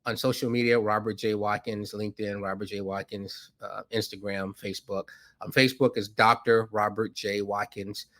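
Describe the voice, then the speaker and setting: A man, a podcast guest who is a financier, telling a story with animated delivery and acting out voices in it. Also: moderate pace. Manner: acts out dialogue with rising pitch, laughs often.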